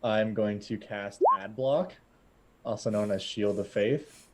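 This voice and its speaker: A man's voice: fairly low pitch, slow. A man playing in a tabletop game, chatting casually with laid-back remarks. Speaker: player.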